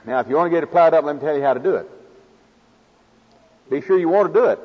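Man, Oklahoma accent, folksy sermon, breathy tone, dull lo-fi hall recording. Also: mid-range voice. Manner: folksy, homespun delivery with farm stories. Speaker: preacher.

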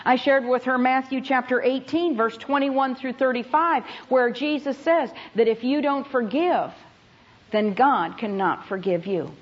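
A woman's voice: high-pitched, unhurried, muffled recording. A woman Bible teacher giving a sermon to a conference audience, telling stories with emphasis and speaking to them directly.

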